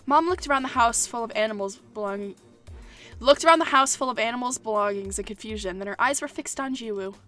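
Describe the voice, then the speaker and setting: A young woman reads a visual novel aloud, breaking off to giggle, joke and curse at the characters. Her voice is bright and sits a little high. Faint music plays underneath. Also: quick pace. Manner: giggly, swears and jokes between lines. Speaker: gaming channel host.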